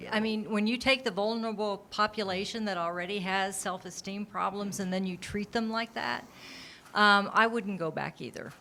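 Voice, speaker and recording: A woman's voice: medium pitch, fairly even intonation, moderate pace, pushed and bright. Heartfelt woman, light room noise. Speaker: panel participant.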